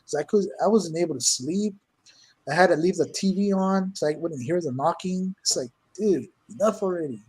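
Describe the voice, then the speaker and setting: A man with a fairly high voice tells ghost stories in a loose, animated way. He jumps into his own quoted lines with sudden emphasis, then drops back to easy chat. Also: fairly quick, slightly rough, low-quality recording. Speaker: guest, cryptid hunter. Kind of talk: casual storytelling interview.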